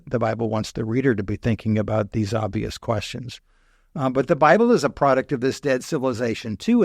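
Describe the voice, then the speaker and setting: An older male professor talking through ancient history in a loose, lecturing way, circling back to fix his wording and slipping in dry jokes. His voice sits in an ordinary middle pitch, recorded close and dry with no room sound. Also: darkish tone, dry recording. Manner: digressive, self-correcting, wry asides. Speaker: history professor and podcast guest. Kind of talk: explanatory conversational lecture.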